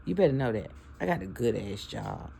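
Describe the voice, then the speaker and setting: Gravelly-voiced woman vlogger. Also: very deep voice, wildly swooping pitch, a little fast, dark tone, a little hiss or hum. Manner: preachy, emotional, talks straight to followers. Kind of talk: casual heartfelt talk to camera.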